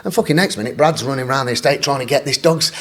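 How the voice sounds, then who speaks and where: A man, a podcast guest, telling a wild story in an animated way, laughing and swearing freely. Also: medium pitch, racing, slight background noise. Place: podcast studio.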